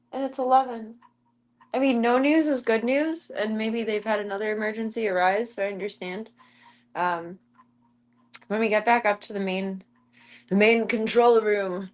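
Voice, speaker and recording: A young woman chatting on a live stream while she looks after her pet cats, now and then slipping into high baby talk with them. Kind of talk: casual live-stream chat.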